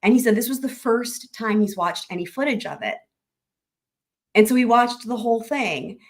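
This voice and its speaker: A woman hosting a live-stream recap, chatting excitedly and rambling with lots of restarts. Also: on the high side, normal speed. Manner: addresses viewers directly as y'all. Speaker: YouTube trial-recap host. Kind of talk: live-stream chat with viewers.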